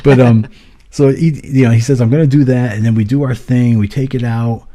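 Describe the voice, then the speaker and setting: A man's voice: mid-range voice, steady tone, fairly quick, warm tone. A man co-hosting a podcast, telling a story in casual chat, swearing freely as he retells it. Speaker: podcast co-host.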